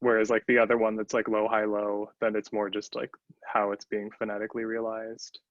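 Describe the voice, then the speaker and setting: Low-voiced man on dull, dry audio. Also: monotone, a little fast, no echo. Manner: thinking aloud, tentative. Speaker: audience member asking a question. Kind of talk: academic discussion.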